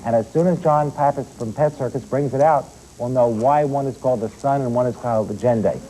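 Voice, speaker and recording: A man guests on a children's TV show as a pet expert, showing animals and putting questions to the kids. His tone is mellow and relaxed, with a faint background hiss. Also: medium pitch, brisk, rough recording. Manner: explanatory, addresses children directly with questions. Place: TV studio with children.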